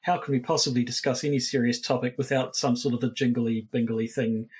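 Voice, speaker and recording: A man's voice: medium pitch, little pitch movement, fairly quick, a little mellow, husky. A man with a New Zealand accent co-hosting a casual podcast, rambling and repeating his words. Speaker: podcast co-host.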